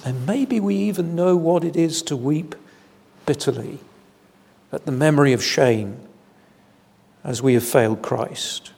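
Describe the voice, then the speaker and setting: Male preacher, evening sermon, slow and deliberate delivery, mid-pitched voice, long church reverb. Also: gravelly, slightly rough. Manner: measured, deliberate, with solemn emphasis.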